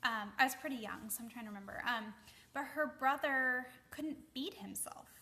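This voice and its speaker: Chatty bright-voiced young mom. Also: female voice, a little high, moderate pace. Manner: chatty, many fillers, keeps asking okay. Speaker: mom vlogger giving advice. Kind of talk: casual advice talk to camera.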